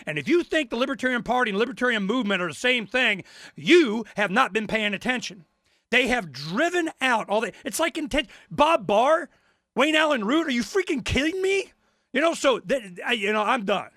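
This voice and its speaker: A talk radio host in full rant, his voice pitched very high and sharp. He piles up sarcastic questions, repeats himself and bursts into shouts. The sound is dry and close, with no room around it. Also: no room sound.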